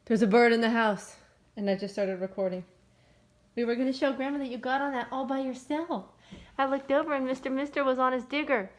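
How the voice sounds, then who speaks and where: A woman's voice: on the high side, normal speed. A young mother filming a casual home video, talking in a panicky, nervous way with swearing and jittery laughter. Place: inside a house.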